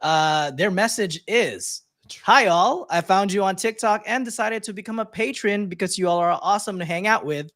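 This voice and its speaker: A man's voice: high-pitched, moderate pace, a bit bright. A man co-hosting a live-stream podcast, playful and teasing as he reads listener messages. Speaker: podcast co-host. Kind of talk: casual live-stream chat.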